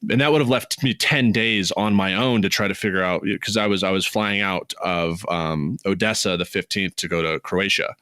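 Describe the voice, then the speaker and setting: A man co-hosting a podcast, telling a travel story in casual chat, swearing freely, his voice jumping high when he gets excited. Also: normal speed, few pauses, clean tone, no room sound, clean studio sound. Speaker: podcast co-host.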